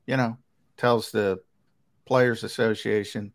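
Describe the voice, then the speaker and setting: A man's voice: lowish voice, fairly even intonation, a little slow, creaky. A man co-hosting a casual sports talk show, rambling and emphatic with lots of fillers.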